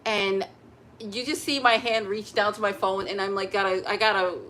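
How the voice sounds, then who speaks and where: Woman, casual vlog chat, emotionally expressive, chatty, mid pitch, faint background noise. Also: normal speed. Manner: chatty and emotionally expressive, breaks into gospel singing. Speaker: vlogger.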